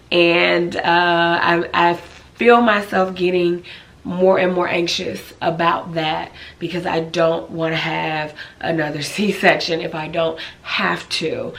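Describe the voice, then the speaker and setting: Sick with a cold, this woman vlogger sounds hoarse, raspy, and quickly winded, though her fairly low voice still has some brightness. She talks to the camera in a warm, casual way, sprinkling in lots of likes and ums.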